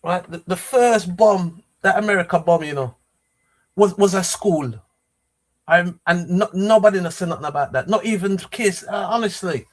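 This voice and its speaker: A man's voice: high voice, normal speed. A man hosting a livestream, talking casually and rambling with many restarts and repeated phrases. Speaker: livestream host.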